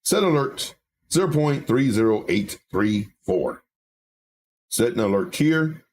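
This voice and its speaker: A man with a lowish, slightly mellow voice hosts a casual livestream, chatting with viewers, reading their comments aloud and talking through charts, often repeating himself. He's animated but slow-paced, with slight background noise.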